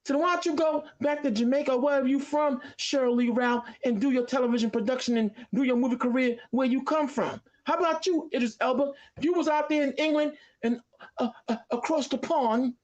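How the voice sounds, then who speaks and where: A man arguing on a talk show, combative, firing off rapid questions. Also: extremely high pitch. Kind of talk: heated talk-show debate.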